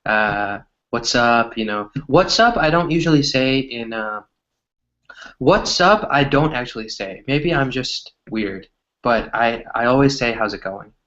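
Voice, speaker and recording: A man's voice: medium pitch, takes it slowly. Guy teaching english casually, chatty and easygoing, kinda dull lo-fi audio. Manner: relaxed, chatty, explains with examples. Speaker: English tutor. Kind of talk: casual conversation lesson.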